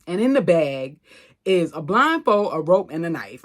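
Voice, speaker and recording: A woman's voice: lowish voice, a little slow. Chatty woman recapping a movie. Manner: chatty and expressive, slangy, loose storytelling. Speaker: podcast host.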